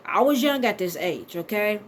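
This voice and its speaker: A woman in her thirties telling a storytime to her viewers in a casual, animated, profane way. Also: mid-range voice, normal speed, slight background noise. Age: 30s. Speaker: vlogger.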